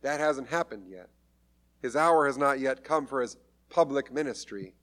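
A man's voice: medium pitch, animated, normal speed, a bit bright. A man preaching a sermon, retelling a story in a conversational way with light humor. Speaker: pastor.

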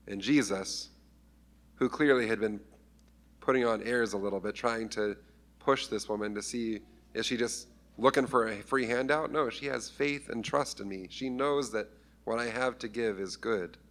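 Male pastor, casual sermon, mid-pitched, playful with acted scripture voices. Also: moderate pace, fairly bright tone. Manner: conversational, acts out scripture voices with humor.

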